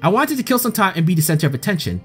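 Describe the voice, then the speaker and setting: A man voicing a spoiled young celestial girl, a bored defendant who squeals indignant protests in a high put-on voice. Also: big pitch swings, rapid-fire, a bit bright, husky, full character voice. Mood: sulky. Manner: shrill, indignant outbursts. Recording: faint game music behind.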